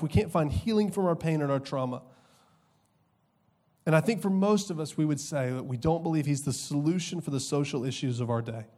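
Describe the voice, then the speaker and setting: A young man preaching a sermon as pastor, conversational and humorous, with quick asides and slow emphatic drops. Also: a little high, darkish tone.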